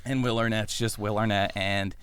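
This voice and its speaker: A young man casually pitching a movie plot, swearing and acting out the characters as he goes. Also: moderate pace, clear, resonant tone, no room sound. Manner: animated storyteller, swears, does voices for characters. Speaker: podcast co-host pitching a movie idea. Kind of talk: casual chat, acting out scenes.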